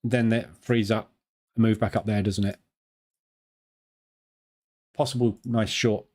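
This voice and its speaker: A man's voice: fairly low pitch, flat delivery, unhurried, a little mellow. A British man hosting a live trading stream, chatting and joking in a digressive way.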